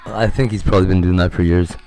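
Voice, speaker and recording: A man's voice: sits low, fairly even intonation, quick pace, darkish tone, faint music behind. A man chatting casually on a livestream, rambling and candid, swearing freely. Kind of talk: casual chat.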